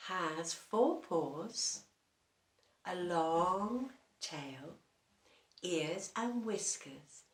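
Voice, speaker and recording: A woman telling a children's story, slow and lively, asking the listeners questions. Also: medium pitch. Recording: roomy echo.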